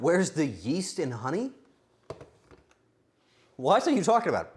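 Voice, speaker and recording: A man's voice: a little high, wildly swooping pitch, unhurried, slight background noise. A man streaming a game live, talking to himself with frantic, joking commentary.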